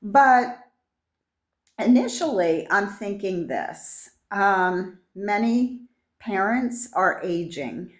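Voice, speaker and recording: A woman's voice: medium pitch, expressive, extremely slow, roomy sound. A woman in her sixties giving an impromptu, rambling sales talk in her shop, sentimental and full of fillers and restarts. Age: 60s. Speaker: seller of vintage art tiles.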